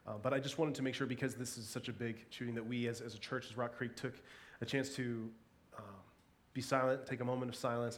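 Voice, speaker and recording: A congested man with a cold preaches in church at a mid pitch, earnest and halting as he restarts his phrases. He drops into a hushed, reverent tone when he leads a prayer. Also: little pitch movement. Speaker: pastor. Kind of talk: sermon and spoken prayer. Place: church service.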